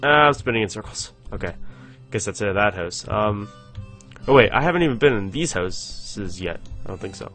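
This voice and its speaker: A man's voice: on the low side, animated, moderate pace, a bit bright, faint music behind. A young man hosting a casual let's-play, rambling, giggling and reading game text aloud. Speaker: gaming channel host.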